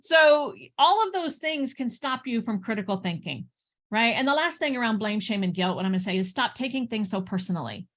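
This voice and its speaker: A middle-aged woman business coach giving a casual motivational talk to camera, energetic and chatty, checking in often with "right?". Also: a little high, a little fast.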